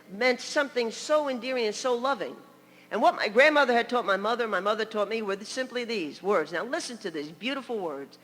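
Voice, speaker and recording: A woman's voice: a little high, fairly bright tone, in a large hall. An older woman from New York preaching a sermon as a story, chatty, with laughing asides and many "you know"s.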